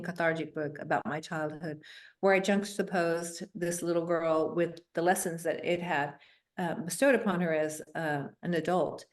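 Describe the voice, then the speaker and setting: Earnest, low-voiced woman telling her story. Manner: earnest, with soft laughs and fillers. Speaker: guest. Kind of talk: reflective personal storytelling.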